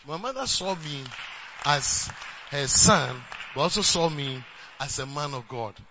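A man with a Ghanaian accent preaching a sermon as a pastor, switching between English and Twi and rising to shouts. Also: a little high, expressive, unhurried, muffled recording, crowd noise.

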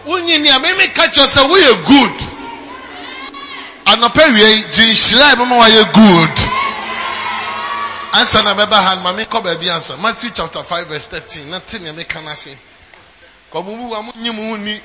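A man with a Ghanaian accent preaching a sermon, moving between quiet teaching and shouted declarations to his congregation. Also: sits high, lively intonation, moderate pace, pauses often, slight background noise. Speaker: pastor. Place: church service. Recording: live church with music and congregation. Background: instrumental music and congregation.

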